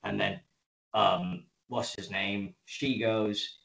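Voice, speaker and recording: This podcast co-host, a man, casually recaps an episode of a show, acting out quotes with lively energy and plenty of cursing. His voice is lowish, slow and gravelly, and the audio quality is poor.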